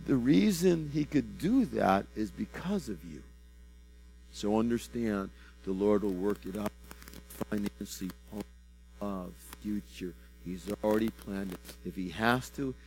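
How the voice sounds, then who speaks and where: A man in prophetic ministry speaks a personal word over someone. He is fervent and repeats phrases, swinging from loud bursts to soft, low drops and stumbling into restarts. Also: measured pace, vocal fry, slight background noise, low-quality recording.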